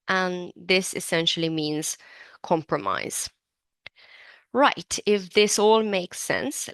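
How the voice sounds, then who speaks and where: Patient woman teaching English, lower voice. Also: a bit bright, dry recording. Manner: patient, explanatory, breaks words down slowly; admits to digressing. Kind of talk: online English lesson.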